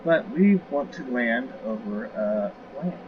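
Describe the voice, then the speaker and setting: A man's voice: medium pitch, animated, takes it slowly. A man giving casual, rambling commentary while playing a space game, correcting himself and joking as he goes. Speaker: gamer showing a space game. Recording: dull lo-fi audio with clear noise.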